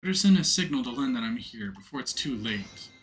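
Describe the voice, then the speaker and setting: Male streamer voicing a dry, sardonic game ghost detective; bright, lively delivery. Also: medium pitch, fairly quick, voice pushed down. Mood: wry. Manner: dry, self-mocking asides.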